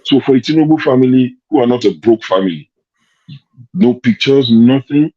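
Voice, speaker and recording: Man, Nigerian accent, dark mellow voice, argumentative host, lo-fi call sound. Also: medium pitch, lively intonation, normal speed. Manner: argumentative, rhetorical questions. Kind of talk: online discussion show.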